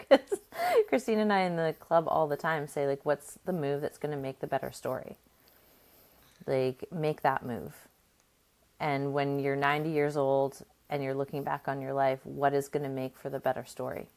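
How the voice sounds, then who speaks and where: A woman with a notably deep voice co-hosts a podcast. She speaks casually and reflectively, affirming what her guest says. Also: steady tone, normal speed. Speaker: podcast co-host. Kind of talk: casual chat.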